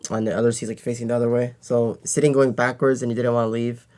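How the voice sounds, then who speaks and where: A man's voice: mid-range voice, little pitch movement, quick pace, darkish tone. A man co-hosting a casual podcast, rambling with lots of filler words. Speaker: podcast co-host.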